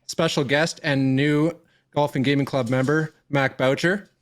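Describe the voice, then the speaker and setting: A young man from Northern Ontario in Canada who hosts a casual podcast, upbeat and quick to laugh, repeating his catchphrases. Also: fairly high pitch, fairly even intonation. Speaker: podcast host.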